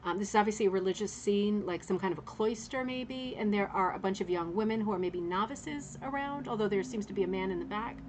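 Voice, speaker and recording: A woman's voice: medium pitch, quick pace, few pauses, a little hiss or hum. Chatty woman musing over artworks. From Canada. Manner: chatty and musing, thinks aloud, reads viewer comments. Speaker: host of a rug hooking club show. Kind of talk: casual live-stream art commentary.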